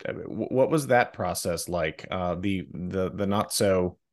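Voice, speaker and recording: A man with a very low voice hosts an interview podcast. He asks his questions haltingly, stopping and rephrasing them with frequent ums. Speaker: podcast host.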